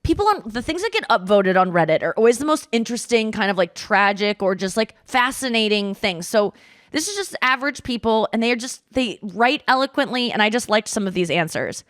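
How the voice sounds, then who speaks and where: A woman's voice: on the high side, brisk, no room sound, studio quality. A woman in her thirties hosting a podcast in casual chat, telling stories with lots of fillers and acted-out voices. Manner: animated storytelling with mimicked voices; frequent filler words. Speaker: podcast host.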